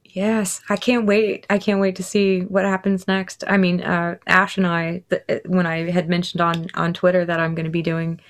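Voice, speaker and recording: A woman in her thirties, a musician guest in a casual interview, talking excitedly and laughing often. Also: fairly low pitch, normal speed.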